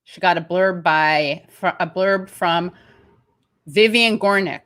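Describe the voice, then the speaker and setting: A woman's voice: on the low side, takes it slowly, a bit bright, clear, resonant tone. An American woman in her thirties hosting a casual livestream, rambling chattily and reading viewer comments aloud. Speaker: show host.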